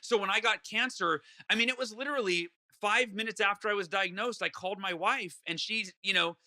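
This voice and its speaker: A man's voice: sits high, brisk, pushed and bright. A man being interviewed, speaking earnestly and acting out his own inner voice as he tells a story. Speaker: guest author. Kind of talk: conversational interview.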